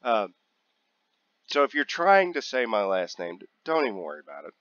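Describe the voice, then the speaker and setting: A man's voice: mid-range voice, sing-song, moderate pace, fairly bright tone, muffled recording. A man hosting a casual gameplay video, joking and rambling, drawing out and repeating words as he talks. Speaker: gaming channel host.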